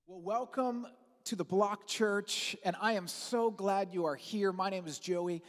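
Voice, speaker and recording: A lead pastor giving an Easter sermon in an energetic, conversational way with casual asides and fillers. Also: mid-range voice, unhurried, long reverb tail. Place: large church auditorium.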